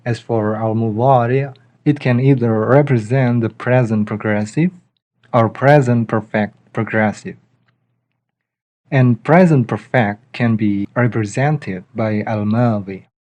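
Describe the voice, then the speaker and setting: Man, patient grammar teacher, dark mellow tone. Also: mid-range voice. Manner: slow, methodical, reads out example sentences. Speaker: language teacher. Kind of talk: explanatory grammar lesson.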